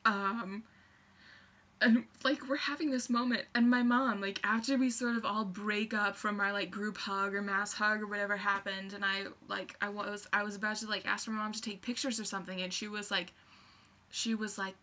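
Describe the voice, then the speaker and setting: A young woman telling a story on her vlog, excitable and rambling, full of fillers and restarts. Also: medium pitch, fairly quick. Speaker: vlogger.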